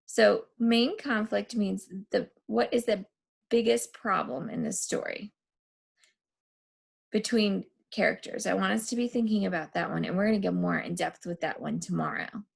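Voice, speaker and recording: A woman teacher reading a chapter book aloud and going over questions, relaxed with fillers. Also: mid-range voice, normal speed, vocal fry, slightly rough. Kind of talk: reading a novel aloud and quizzing students.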